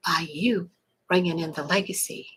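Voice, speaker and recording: A middle-aged woman from South Texas with a Texan accent, chatting casually on a live stream, greeting viewers and pitching a webinar in a folksy way. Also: steady tone, normal speed, a bit bright, husky, rough recording. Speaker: online marketing promoter.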